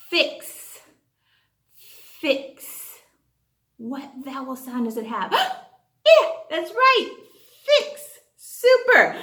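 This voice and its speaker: A woman's voice: high voice, echoey room. Sing-song woman teaching young children. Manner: exaggerated, sing-song and cheerful for young children, gasping before each answer. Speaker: online phonics teacher. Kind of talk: children's class lesson.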